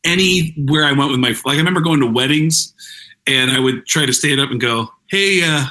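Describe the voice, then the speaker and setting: A man's voice: medium pitch, fairly quick, poor audio. A man, a stand-up comedian, telling a story in a casual interview, cursing freely and slipping into voices. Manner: profane, animated, slips into voices.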